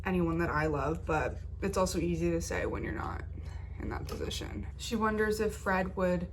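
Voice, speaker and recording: A woman's voice: lowish voice, normal speed, slight background noise. A woman vlogger who is sick, chatting through a casual book recap with lots of fillers and emotional investment. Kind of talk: casual reading vlog recap.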